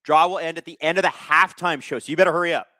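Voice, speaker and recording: A man's voice: fairly high pitch, fairly even intonation, fast talker, sharp tone, no room sound. A young man hosting a live watch-along stream, chatting casually and reading out viewer comments with jokes. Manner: chatty, reads viewer comments aloud, joking. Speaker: livestream host.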